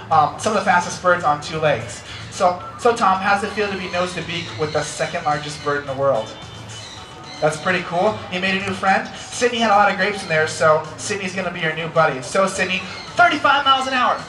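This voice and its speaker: Playful American man presenting a live bird show. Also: high-pitched. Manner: playful, teasing, coaxing volunteers. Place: outdoor amphitheater stage. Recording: roomy live show sound with music.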